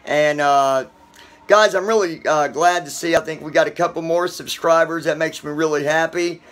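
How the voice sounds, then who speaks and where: Man, host, casual chat, halting with fillers, high voice. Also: fairly even intonation, a bit bright. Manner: halting, many filler pauses.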